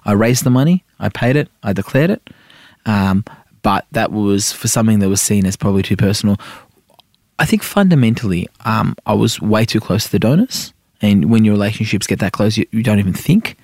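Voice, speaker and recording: Fast-talking man, rambling. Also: on the low side, expressive, darkish tone, dry recording, studio quality. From Iran. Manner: rapid, rambling, heavy fillers, asks "right?" often. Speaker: senator and podcast guest. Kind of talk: casual interview chat.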